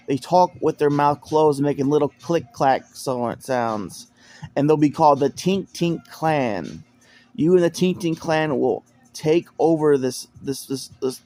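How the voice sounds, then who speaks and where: A man's voice: fairly high pitch, a little mellow. A man telling a personal story in a casual, rambling way, often repeating words and restarting sentences. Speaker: storyteller recounting personal experience. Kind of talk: casual spoken monologue.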